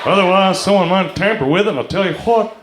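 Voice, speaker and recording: Comedian doing a drawling Southern-accented announcer, folksy and slow. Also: male voice, high-pitched, heavy background noise, close to an everyday voice. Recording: roomy club with loud laughter.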